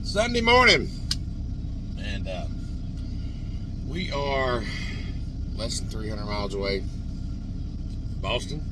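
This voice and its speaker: A man's voice: on the low side, big pitch swings, slow pace, pauses often. A man from Alabama with a Southern accent, a truck driver chatting casually in his cab and laughing often as he tells stories. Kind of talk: casual vlog chat. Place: inside a truck cab on the road. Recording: noisy road and engine background.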